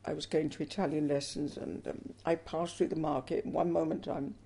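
A woman's voice: deep voice, flat delivery, normal speed, creaky, mellow, breathy edge. An older woman from England, telling her life story in an interview with earnest emotion. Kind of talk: personal testimony interview.

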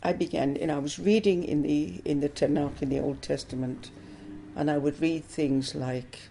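Older woman with a gravelly voice. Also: low voice, fairly even intonation, moderate pace, mellow, slight background noise. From England. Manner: earnest, emotional storytelling. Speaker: interviewee. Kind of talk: personal testimony interview.

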